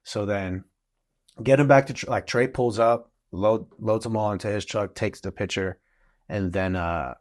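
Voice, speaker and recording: A man, a father and guest on a podcast, telling a story in a casual, animated way and acting out what people said. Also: fairly low pitch, normal speed. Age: adult father of school-age kids. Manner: animated, acts out quotes in the story.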